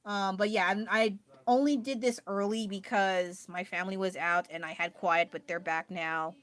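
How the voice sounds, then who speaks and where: A woman's voice: mid-range voice, fairly even intonation, moderate pace, a bit bright. A woman chatting casually on a livestream about her art, rambling and joking about herself. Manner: chatty, rambling, self-deprecating. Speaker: livestreaming artist. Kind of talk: casual chat. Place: home, indoors. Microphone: phone.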